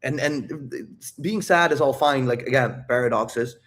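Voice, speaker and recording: Man, dating coach, casual livestream Q&A, swearing, animated, rambling tangents, mid-range voice. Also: medium pitch, a little slow. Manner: profane, animated, rambling with self-interruptions. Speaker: dating coach hosting a live Q&A.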